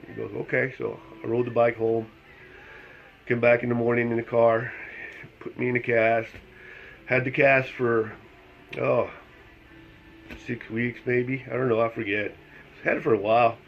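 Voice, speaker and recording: This middle-aged man speaks slowly with vocal fry and long pauses, his medium-pitched voice staying level. Chatty and laughing, he acts out the dialogue of a personal story for his vlog while at home with his dogs. The audio is dull, with a little hiss or hum.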